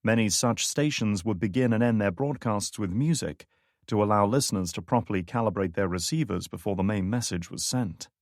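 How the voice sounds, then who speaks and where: A man narrating a thriller audiobook in a measured, steady read. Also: on the low side, no room sound, clean studio sound. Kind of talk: scripted narration.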